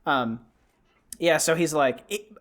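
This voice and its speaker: A man's voice: fairly high pitch, takes it slowly, fairly bright tone. A young man hosting a podcast, rambling casually through a movie recap and acting out the characters' lines. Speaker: podcast host. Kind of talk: casual movie review chat.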